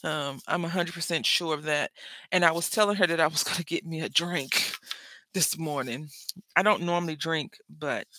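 Chatty, bright-voiced crafting host, rambling. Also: medium pitch, normal speed, dry recording. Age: adult with school-age kids. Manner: rambling, chatty, self-interrupting. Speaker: papercraft channel host. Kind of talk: casual chat while crafting.

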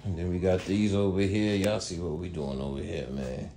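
Deep-voiced laid-back man vlogging. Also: fairly even intonation, normal speed, warm tone, slight background noise. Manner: laid-back, rambling, uses y'all and man a lot. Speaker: dog breeder vlogger. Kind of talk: casual vlog. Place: indoors at home kennel.

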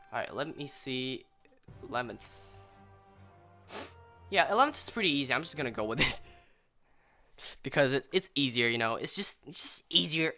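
A young man talking through a strategy game in a bright, edgy voice, rambling and saying sorry a lot before breaking into loud cheers and groans. He sounds a bit under the weather and clears his throat now and then. Faint music plays behind him. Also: mid-range voice. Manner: rambling, apologetic, bursts into excited yelling. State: slightly sick, clearing throat. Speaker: gameplay commentator. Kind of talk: casual let's-play commentary.

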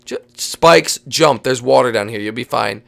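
Excitable woman with gravelly fry. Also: a bass voice, normal speed. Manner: excitable, bossy, swings into shouts. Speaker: host. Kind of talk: video game role-play.

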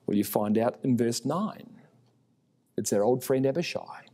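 Male Bible teacher, lively delivery, mellow tone, long hall reverb. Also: medium pitch, measured pace. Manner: animated, acts out biblical dialogue in raised voice.

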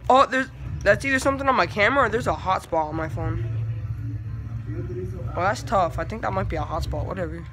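A young man giving casual, chatty commentary while he plays a video game, trash-talking and breaking into excitable bursts. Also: high voice, a little fast, long pauses. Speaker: gamer.

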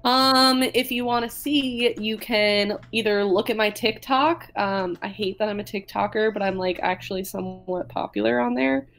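A woman's voice: mid-range voice, normal speed, creaky, few pauses, fairly bright tone. A young woman guesting on a podcast, chatting casually with lots of fillers and giggles over a video call. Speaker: podcast guest, makeup creator. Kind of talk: casual chat.

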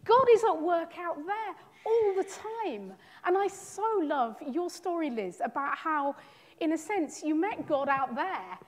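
A woman's voice: extremely high pitch, very animated, unhurried. A woman leading a church service, enthusiastic and informal as she responds to a testimony and moves on to baptisms. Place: church hall. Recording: long hall reverb.

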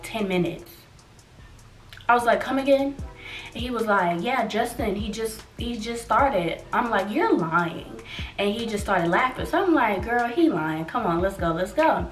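A young woman telling a story to her viewers in a casual vlog, lively and expressive, acting out what she and others said. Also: mid-range voice, roomy sound, recorded from a distance. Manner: animated, acts out quotes, addresses viewers as y'all. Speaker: vlogger.

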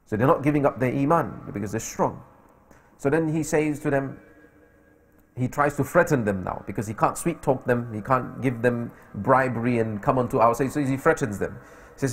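A man's voice: mid-range voice, a little fast, slightly rough. A man preaching a sermon in a mosque, telling a story and voicing its speakers, with emphatic rises. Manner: voices the story's speakers, rising to emphatic peaks.

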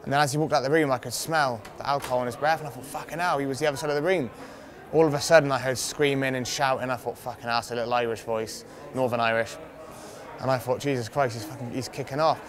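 A man's voice: mid-range voice, fairly even intonation, fast talker. A young man, a fighter, telling a rambling anecdote in a casual interview, swearing freely and laughing often. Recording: crowd noise outdoors.

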